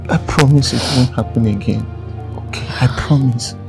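A man playing a creaky-voiced pleading husband. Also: mid-range voice, normal speed, lightly acted. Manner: pleading, often whispered. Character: remorseful husband begging his wife's forgiveness. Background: music.

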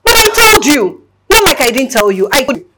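A woman's voice: high voice, big pitch swings, brisk, very noisy. Woman doing a friend, lecturing, voice going up and down a lot. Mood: scolding. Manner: insistent, lecturing. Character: blunt scolding female friend. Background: music.

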